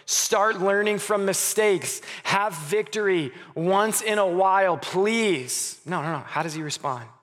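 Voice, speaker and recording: Earnest pastor preaching in a reverberant hall. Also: male voice, fairly high pitch, gravelly. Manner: earnest, stammers on restarts, drops softly on key words. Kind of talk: sermon.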